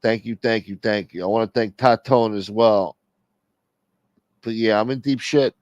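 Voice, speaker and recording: A middle-aged man hosts a livestream, rambling and complaining casually with plenty of swearing. His voice is fairly low, a little mellow, and moves at a moderate pace with no echo. The stream audio is dull and lo-fi.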